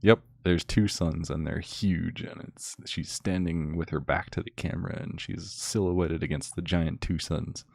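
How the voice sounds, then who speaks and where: A man's voice: low-pitched, steady tone, unhurried, gravelly, few pauses, no echo, clean studio sound. A man ranting casually and sarcastically to a friend, rambling with lots of filler words. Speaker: channel host.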